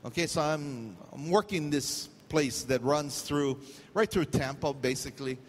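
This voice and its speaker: A middle-aged pastor from Hawaii with a Hawaiian accent preaches a sermon, telling jokey stories with loose pidgin asides. His voice is fairly high and measured in pace, trailing a long reverb tail.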